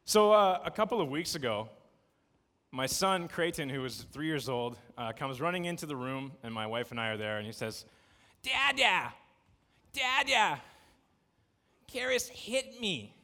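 A man in his thirties giving a casual, jokey sermon to a congregation, telling stories in a lively, conversational way. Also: mid-range voice, moderate pace. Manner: conversational, jokey, animated storytelling. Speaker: preacher. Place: church sanctuary. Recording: long reverb of a church hall.

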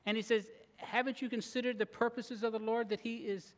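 A man preaching a sermon, earnest and expressive, now and then acting out grumbling voices. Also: very high voice, a little fast. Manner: earnest, acts out grumbling voices, laughs at times. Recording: long reverb of a large hall.

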